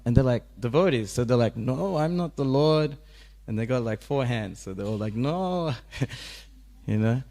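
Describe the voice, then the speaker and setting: A man giving a casual scripture class in a temple, telling a story with lots of laughter and acted-out voices. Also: lowish voice. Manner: animated storyteller, laughs often, acts out quoted voices.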